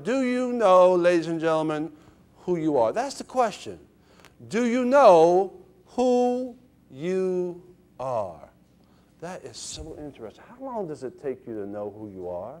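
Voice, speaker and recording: A man's voice: fairly high pitch, a little mellow. A middle-aged man giving a motivational lecture to college students, with a preacher-like cadence and fill-in-the-blank questions to the crowd. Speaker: guest lecturer.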